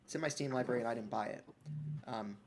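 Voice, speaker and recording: A man's voice: mid-range voice, fast talker. A man co-hosting a gaming podcast, chatting casually with dry, wry remarks. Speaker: podcast co-host. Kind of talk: casual chat.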